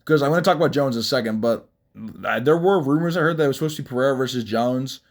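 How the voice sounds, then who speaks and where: A man's voice: on the high side, rapid-fire. A young man giving blunt, rambling, mocking commentary on fights, with frequent restarts. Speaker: MMA commentary vlogger. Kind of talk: casual ranting commentary.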